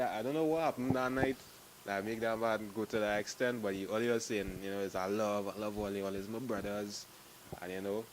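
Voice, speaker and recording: A man with a Trinidadian accent telling stories to the camera in a lively way, laughing and acting out what friends said. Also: fairly low pitch, background noise. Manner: animated, laughing, acts out quotes. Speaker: group member telling stories. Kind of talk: casual storytelling to camera.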